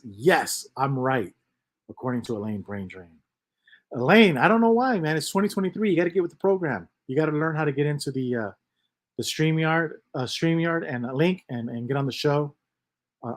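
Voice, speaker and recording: A man hosting a casual livestream, reading chat comments aloud and rambling on with lots of repeats and mutters. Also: a little high.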